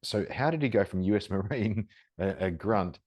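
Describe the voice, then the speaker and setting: A man's voice: on the low side, lively intonation, normal speed, a little mellow, no echo. A man hosting a podcast interview, talking in a conversational, rambling way and praising his guest. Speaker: podcast host. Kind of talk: casual interview talk.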